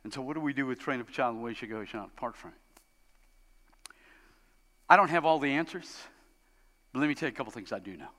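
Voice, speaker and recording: Pastor guy preaching, animated storyteller, bright sharp voice, church hall echo. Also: fast talker, pauses often. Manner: animated, acts out quoted parents in high voices. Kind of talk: sermon. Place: church sanctuary. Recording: long hall reverb.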